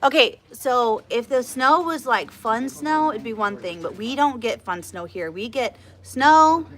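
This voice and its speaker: Chatty lady hosting a live stream, bright voice, a bit high, laughs a lot. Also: unhurried. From Texas. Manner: chatty, animated, laughs often. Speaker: media director, livestream host. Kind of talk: casual livestream chat.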